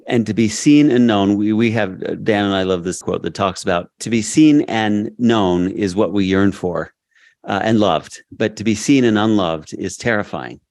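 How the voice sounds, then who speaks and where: A reflective man co-hosts a book discussion and explains ideas thoughtfully. His voice is fairly low. The sound is dry and close. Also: moderate pace, a little mellow, no room sound. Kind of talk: casual discussion.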